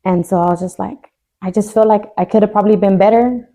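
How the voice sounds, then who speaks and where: A young adult woman co-hosting a podcast, telling a personal grief story in a candid, joking way that turns quiet and tearful. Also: medium pitch, steady tone, fast. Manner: candid, jokes to cope, voice drops when tearful. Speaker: podcast co-host. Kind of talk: casual emotional storytelling.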